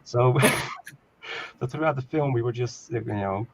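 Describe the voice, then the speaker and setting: A man's voice: mid-range voice, slow, lo-fi sound. A man chatting casually on a video call, telling a long rambling story and laughing often. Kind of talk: casual chat.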